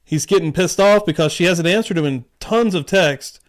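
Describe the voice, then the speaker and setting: A man's voice: high voice, normal speed. A man hosting a livestream, reading court evidence messages aloud and reacting with blunt, casual asides. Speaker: livestream host reacting to trial clips.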